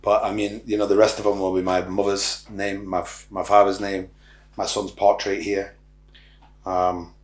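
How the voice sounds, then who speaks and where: A man's voice: sits low, level tone, moderate pace. A middle-aged man from Ireland, a podcast guest, talking bluntly and rambling, with frequent swearing. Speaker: podcast guest, social media influencer. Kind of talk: casual interview talk. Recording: roomy echo.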